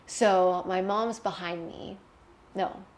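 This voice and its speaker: A woman's voice: medium pitch, steady tone, slow, slight background noise. A young adult woman, an interview guest, telling a painful personal story candidly and emotionally, swearing freely.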